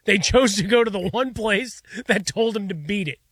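A man with a high, bright voice who co-hosts a casual sports talk show. He trades teasing wisecracks with the others. The sound is dry and close. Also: moderate pace, no room sound. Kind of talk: casual sports radio banter.

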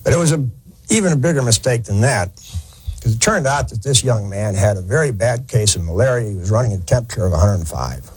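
Man, husky, lively pitch, folksy history storyteller. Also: fast talker, low-quality recording. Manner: folksy, conversational, with many fillers and restarts. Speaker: historian lecturer. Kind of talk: storytelling lecture.

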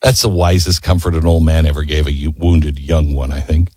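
A man's voice: very deep voice, steady tone, fairly quick, dark tone, slightly rough, dry recording. A man telling history as an impassioned story, earnest and emphatic, firing rhetorical questions and urging his listeners to hear every part. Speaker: history speaker.

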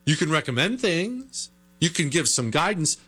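An American man hosting an opinionated political talk show, animated and rhetorical, with mocking asides. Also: a little high, normal speed, husky.

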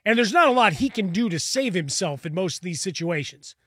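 A man's voice: high-pitched, animated, a little fast, fairly bright tone, breathy edge, no room sound. A man co-hosting a sports talk show, chatting casually and explaining with everyday analogies. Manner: conversational, builds analogies. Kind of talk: casual sports radio chat.

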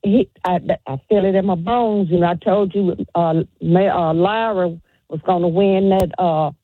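A woman's voice: lowish voice, fairly even intonation, normal speed, breathy edge, no echo. A woman calling into a radio show, firm and emphatic, repeating her points. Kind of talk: call-in radio opinion. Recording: tinny phone line.

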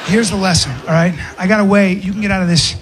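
A man performing a stand-up comedy set, telling an animated story with acted-out asides. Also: sits high, fast, background noise.

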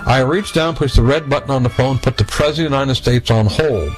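A man's voice: mid-range voice, quick pace, few pauses, faint music behind. A man in his sixties telling his own story, acting out the voices of the people in it. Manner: animated, acts out voices in his anecdotes. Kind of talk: personal storytelling.

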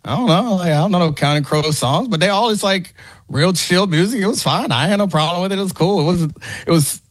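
A middle-aged man on a sports talk show who ribs his co-hosts and laughs his way through his lines. His voice is recorded close and dry, with no room sound around it. He talks loosely, in a chatty and unhurried way. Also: high-pitched, no echo. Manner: playful trash talk, laughs often. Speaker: co-host. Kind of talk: casual sports talk chat.

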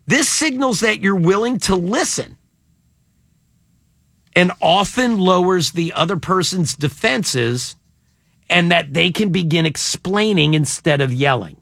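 Male morning radio host, bright and forceful, animated delivery. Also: high-pitched, unhurried, vocal fry, no room sound, clean studio sound. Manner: animated, laughing, takes calls.

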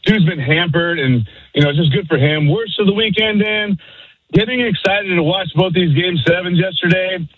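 Hyped high-voiced male caller. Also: normal speed, slightly rough, dry recording. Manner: hyped, slangy, energetic. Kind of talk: calling into a radio show. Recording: muffled phone-in line.

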